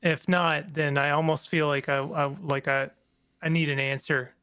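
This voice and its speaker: A man with a fairly high, bright and smooth voice plays in a tabletop role-playing game. He thinks aloud haltingly, restarting his sentences as he works out his move. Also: flat delivery. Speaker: player. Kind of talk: casual tabletop play.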